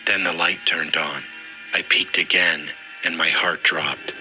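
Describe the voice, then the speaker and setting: A man narrating a scary first-person story in a steady, scripted way. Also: deep voice, measured pace, soft background music, rough recording.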